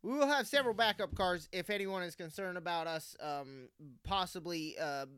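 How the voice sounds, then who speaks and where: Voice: medium pitch, normal speed, a bit bright, clean tone, dry recording, clean studio sound. A young adult co-hosting a casual comedy podcast, rambling playfully and slipping into mock radio DJ bits. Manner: playful, rambling, hesitant with fillers. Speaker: podcast co-host. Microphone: close studio mic.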